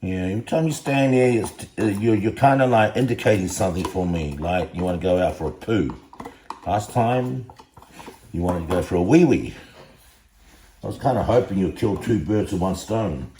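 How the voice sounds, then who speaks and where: A man's voice: low voice, animated, normal speed, mellow. A man talking casually to his phone camera while cooking at home, joking and rambling and chatting to his dog. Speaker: bodybuilding vlogger. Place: home kitchen with a noisy fan. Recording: echoey room with fan noise.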